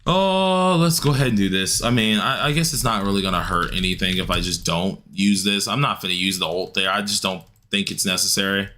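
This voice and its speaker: Guy streaming a game, kinda low voice but bright and punchy, chill slangy chatter with the viewers. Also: steady tone, fast, hardly any pauses. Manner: laid-back and slangy, answering chat, laughs often. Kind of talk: casual livestream chat while gaming.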